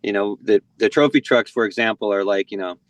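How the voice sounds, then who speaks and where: An American podcast guest in his forties from San Diego talks in a loose, wandering way, peppered with "you know" and restarts. His voice is on the low side and a little fast, captured in a dry recording.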